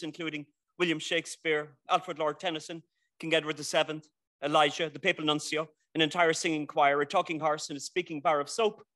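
An Irish man, a university teacher, makes the case for a classic book to a library audience. He is wry and rhetorical, rolls out long lists and drops dry jokes. His voice sits a little high for a man, and the sound is dry with no room echo. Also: bright, forceful tone. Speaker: debate speaker championing a classic novel. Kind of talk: prepared persuasive speech. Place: indoor library event before an audience.

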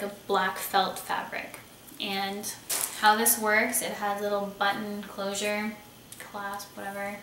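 A woman's voice: medium pitch, a bit bright. A young woman chatting casually and enthusiastically as she shows off clothes and accessories, thinking aloud as she goes. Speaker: beauty vlogger. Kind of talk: casual haul video. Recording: roomy echo, somewhat far from mic, faint hiss.

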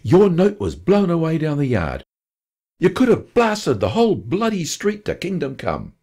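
A man voicing a gruff, swearing working-class northern English father who blusters and grumbles in a radio story reading. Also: on the high side, wildly swooping pitch, moderate pace, mellow, voice pushed up, full character voice. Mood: outraged.

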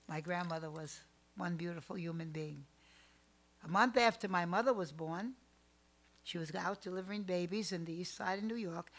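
An older woman telling family stories as a podcast guest, animated, swinging between loud outbursts and hushed asides. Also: fairly low pitch. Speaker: psychic guest. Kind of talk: storytelling in a podcast interview.

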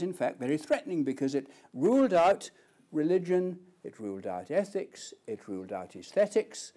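A man's voice: fairly high pitch, dark tone. A man giving an academic lecture on philosophy, telling stories and acting out the quoted voices.

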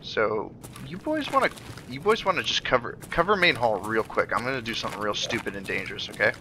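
A man's voice: medium pitch, lively intonation, fast talker, background noise. A man chatting with his squad mates while playing a shooter game, swearing and laughing often. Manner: crude, joking, laughs often. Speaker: streamer and squad member. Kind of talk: casual gaming chat with friends.

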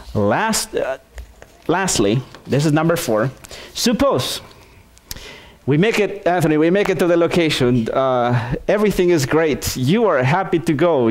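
A male pastor preaching a sermon, telling a story in an animated way with many restarts and repeated words. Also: mid-range voice.

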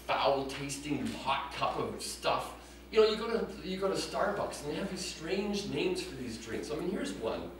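Man, stand-up comedian, deadpan and prim, lively swooping pitch, echoey room, distant mic, audience laughing. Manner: deadpan, prim, self-mocking delivery. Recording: echoey room recorded from afar with audience noise.

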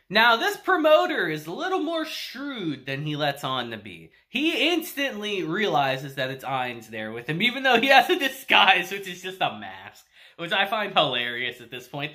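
Dude recapping an anime ep, laughs a lot, swears, bright lively voice. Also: male voice, sits high. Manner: laughs often, swears, tells the story with quoted voices. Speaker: anime reviewer. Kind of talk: casual video review.

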